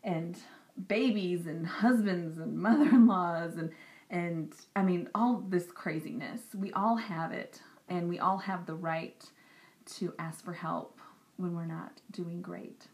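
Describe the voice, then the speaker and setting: A young woman talking earnestly and directly to camera in a personal vlog. She repeats herself for emphasis and sometimes drops into soft, whispery asides. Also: on the low side, takes it slowly. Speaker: Christian vlogger. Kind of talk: personal encouraging talk to camera.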